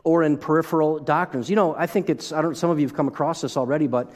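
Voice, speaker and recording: A middle-aged man preaching a sermon as pastor, animated, with joking asides and frequent restarts. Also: a little high, fast talker. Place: church sanctuary. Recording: long hall reverb.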